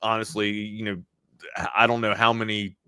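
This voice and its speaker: A man's voice: lowish voice, little pitch movement, normal speed, pushed and bright, clear, resonant tone, no echo. Chatty male sports co-host, dry sound. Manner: loose and conversational, with frequent filler words. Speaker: sports talk show co-host. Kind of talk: casual sports chat on a live stream.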